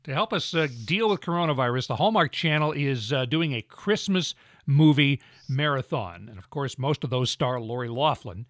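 A man's voice: medium pitch, lively intonation, moderate pace, no echo, clean studio sound. A middle-aged man co-hosting a podcast, telling wry anecdotes with easy laughs in casual banter. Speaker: podcast co-host.

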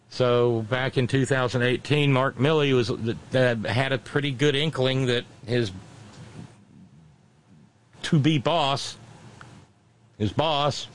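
A man's voice: medium pitch, measured pace, pauses often, low-quality recording. A man giving a casual political commentary monologue, mocking and sarcastic, often breaking off and restarting.

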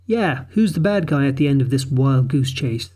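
Dry policewoman, sardonic and impatient, a man reading her, mellow. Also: medium pitch, expressive, moderate pace, lightly acted. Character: adult woman police officer, dry and impatient.

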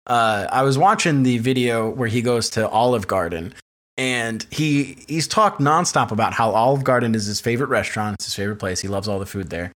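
A man's voice: mid-range voice, a little fast, a bit bright. A man co-hosting a comedy podcast, telling mocking stories in a rambling way full of "like"s. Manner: mocking, rambling storyteller with many "like"s. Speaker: podcast co-host. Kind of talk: casual podcast banter.

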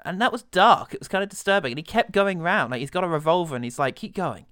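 A man's voice: sits high, animated, quick pace, sharp tone, clear, resonant tone, no room sound, clean studio sound. A man co-hosting a casual podcast, reviewing a film with friends and laughing often. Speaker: podcast co-host.

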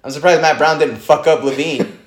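A man talking casually over a fight, animated, profane and quick to laugh. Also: on the high side. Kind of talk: casual fight-watching chat. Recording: roomy echo.

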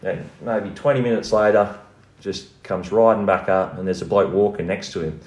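Deep-voiced Australian man telling a yarn. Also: fairly even intonation, moderate pace, a little mellow, roomy sound, muffled recording. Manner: swears freely and laughs through the tale. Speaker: podcast guest. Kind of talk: casual storytelling.

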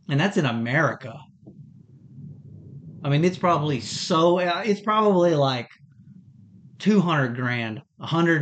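A man hosting a podcast, ranting heatedly in a rambling, profane monologue. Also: on the high side. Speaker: podcast host. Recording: dull lo-fi recording.

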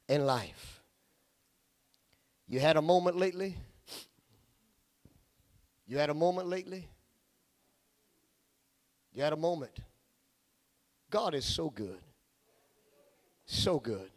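Male preacher, slow and high, sing-song sermon cadence that builds to shouts. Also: expressive. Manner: repeats phrases for emphasis.

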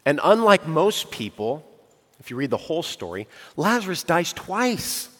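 A man preaching a sermon, dramatic, dropping to a hush and then rising to emphatic outbursts. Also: a little high, very animated, measured pace. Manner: dramatic, swings from hushed to emphatic. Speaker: pastor. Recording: long hall reverb.

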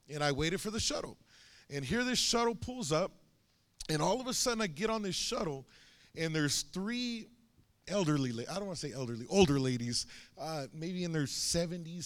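A man's voice: on the high side, a bit bright. A young man preaching a sermon, telling a personal story with many fillers and restarts. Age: young adult.

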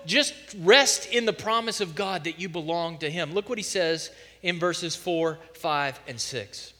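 A man's voice: on the high side, measured pace. A man preaching a sermon as pastor of his church, telling stories and driving home points with strong emphasis. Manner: animated storytelling preacher, emphatic. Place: church sanctuary. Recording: church hall reverb.

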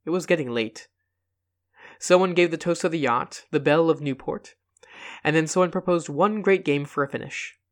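A man reading a classic short story aloud, giving quoted lines their own expressive emphasis. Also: fairly high pitch, normal speed. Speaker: reader.

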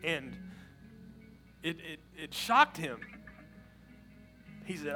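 A man preaching as a pastor, telling a story in an animated way that builds to loud, fast passages. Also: a little high, music in the background. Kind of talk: sermon storytelling.

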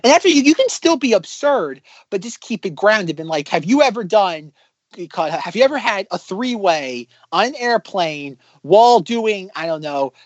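A man co-hosting a casual podcast, rambling with many fillers and breaking into animated impressions as he critiques sketches. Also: high voice, normal speed, no echo, lo-fi sound. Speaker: podcast co-host.

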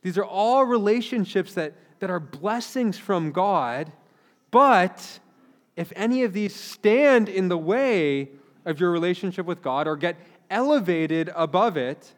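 A man's voice: sits high, animated, measured pace. A man in his thirties, a pastor giving an earnest, conversational sermon with frequent restarts. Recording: long hall reverb.

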